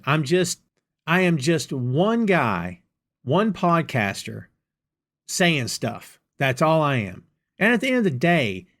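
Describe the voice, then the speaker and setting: A middle-aged man from the United States hosting a solo podcast, talking straight to his listeners in a folksy, exasperated way. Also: medium pitch. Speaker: podcast host. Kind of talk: solo political commentary podcast.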